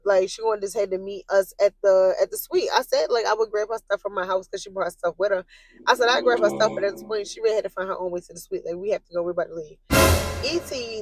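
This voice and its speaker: Young woman vlogger, mid pitch, animated and profane storytime rant to viewers, flares into shrill yelling; dry, close recording. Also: no room sound. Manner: rises into shrill yelling when reliving anger.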